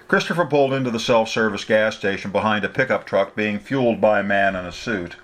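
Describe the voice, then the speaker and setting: A man narrating a novel in a steady, plain reading voice. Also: fairly low pitch, fairly quick, few pauses. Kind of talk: scripted story narration.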